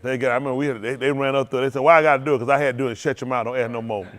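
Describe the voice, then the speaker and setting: A man's voice: medium pitch, level tone, racing. A man preaching in a folksy storytelling sermon, laughing often and repeating phrases as he acts out quotes. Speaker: pastor.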